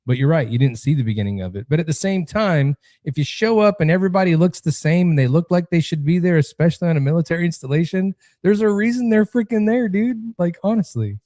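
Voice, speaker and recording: A man hosting a veterans podcast with a dark, mellow voice. He rants bluntly and freely swears in casual chat, recorded dry and close. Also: a little high, fast talker, few pauses, no room sound. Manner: blunt, profane, animated ranting. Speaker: podcast host.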